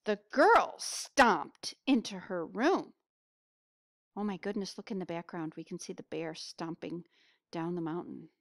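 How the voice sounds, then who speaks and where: A woman reading a picture book aloud to children, pausing to ask them questions. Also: lowish voice, dry recording, clean studio sound. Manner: asks listeners questions, expressive. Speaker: storybook reader.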